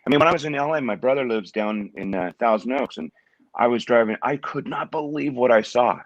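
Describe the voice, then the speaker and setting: A middle-aged man from Washington State, a guest in an interview, talking in a halting way and often repeating words as he restarts his sentences. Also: medium pitch, no echo, highs cut off. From Washington State, USA. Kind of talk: conversational interview.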